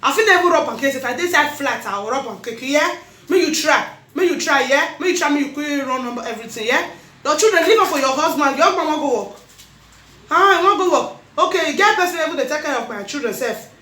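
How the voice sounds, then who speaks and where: A woman with a Nigerian accent, chatting casually in a vlog, animated and laughing often, repeating her phrases. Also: high voice, quick pace, roomy sound. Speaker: vlogger host.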